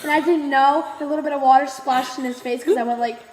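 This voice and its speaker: Giggly high-voiced young woman telling stories. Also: fast. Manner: giggly, animated storytelling with loud quoted outbursts. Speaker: storyteller. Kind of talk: casual chat. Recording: noisy room with long reverb.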